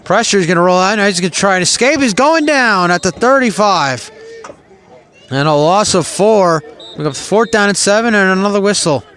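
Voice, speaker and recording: Higher-pitched chatty male football announcer. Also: fast talker, fairly bright tone. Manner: chatty, openly puzzled by the coaching. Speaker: play-by-play announcer. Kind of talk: live football commentary.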